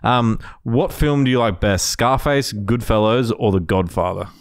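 A man on a podcast who reads listener questions aloud in a casual, matter-of-fact tone. His voice sits at a medium pitch. The recording is close and dry, with no room echo. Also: a little slow. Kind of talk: casual chat.

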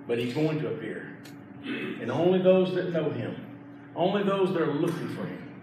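A middle-aged pastor preaches with emphatic repetition. His voice sits a bit high for a man. The recording is distant and drowned in church echo over steady noise. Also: normal speed. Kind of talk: sermon. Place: church sanctuary. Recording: echoey church from far off, noisy.

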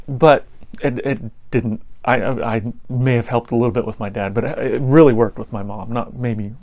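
A man's voice: mid-range voice, unhurried, darkish tone. A man preaching a sermon in a conversational way, with laughter and acted-out stories.

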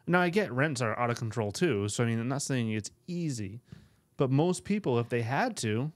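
A man's voice: medium pitch, lively intonation, normal speed, dry recording. A man co-hosting a casual podcast as a real estate agent, chatty and teasing. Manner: teasing, chatty, restarts often. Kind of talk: casual chat.

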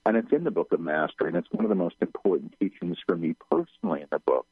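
A man with a very low, husky voice speaks over a tinny phone line. He channels guides in a radio interview and repeats phrases softly as they come to him. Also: very animated, fast talker, dry recording. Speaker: channeler guest.

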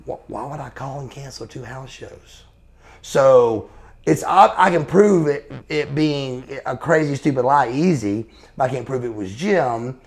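A man in his forties, a former pro wrestler being interviewed, telling profane, blunt stories in a casual way. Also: medium pitch. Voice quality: gravelly. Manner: profane, blunt storyteller calling the listener brother.

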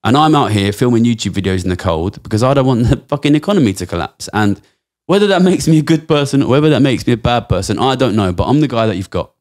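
A man's voice: mid-range voice, expressive, fast talker, a little mellow. A man in his thirties from England, a podcast guest talking bluntly and passionately, swearing a lot. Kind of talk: casual interview talk.

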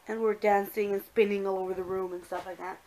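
A woman's voice: medium pitch, little pitch movement, quick pace, darkish tone, slight background noise. A young woman vlogging casually with her daughter, chatting to her viewers and slipping between English and Spanish, filmed on a handheld phone. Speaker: vlogger mom. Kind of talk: casual home vlog. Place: home and outdoors in the rain.

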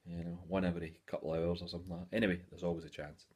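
A Scottish man in his forties talks casually to camera in a hobby vlog. His voice sits very low, and he rambles along with plenty of "eh" fillers. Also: flat delivery, racing, darkish tone, breathy edge. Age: 40s. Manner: chatty and rambling, many "eh" fillers. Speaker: hobby YouTuber.

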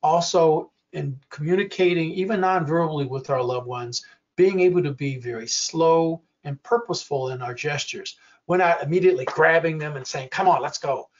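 A man in his sixties giving an educational workshop talk, speaking slowly and clearly and acting out quoted examples. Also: on the high side, recorded from a distance. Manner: slow, deliberate, acts out quoted examples. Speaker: workshop presenter. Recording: dull lo-fi audio.

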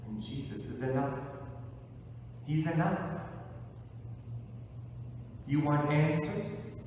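Slow, echoey preaching man in church. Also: fairly high pitch, darkish tone, slight background noise. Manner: impassioned, repeating rhetorical questions; slow, deliberate preaching with long pauses. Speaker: Catholic priest. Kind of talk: sermon. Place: large church.

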